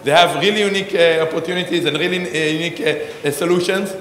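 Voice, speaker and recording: A man's voice: on the high side, fairly even intonation, fast talker, fairly bright tone, slight background noise. A man hosts a conference and introduces a panel on stage, rambling with many fillers and restarts. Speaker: conference host. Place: large conference hall. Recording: echoey hall with a long reverb.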